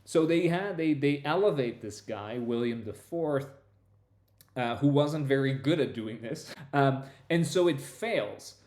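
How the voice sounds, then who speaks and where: Man, professor, conversational explanation, mid pitch, restarts and asides, echoey room. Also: animated, a little slow, darkish tone. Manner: discursive, many restarts and "right?" tags. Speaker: history professor guest. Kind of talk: conversational lecture-style explanation.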